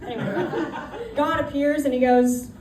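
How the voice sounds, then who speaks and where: A woman's voice: high-pitched, a little slow. A woman performing a stand-up comedy routine, brashly telling a story and acting out the voices in it. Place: comedy club stage with audience. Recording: roomy, distant, noisy club audio.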